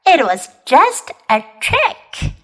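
A woman voicing a small, mischievous boy in a storybook read-aloud, who grumbles and yells. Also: extremely slow, full character voice. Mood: gleeful. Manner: grumbling, then shrill excited yelling. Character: small boy, restless and mischievous, won't sleep.

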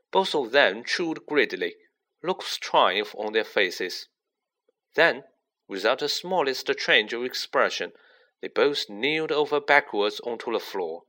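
A man narrating a children's fantasy novel as an expressive audiobook reading. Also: mid-range voice. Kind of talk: scripted storybook narration.

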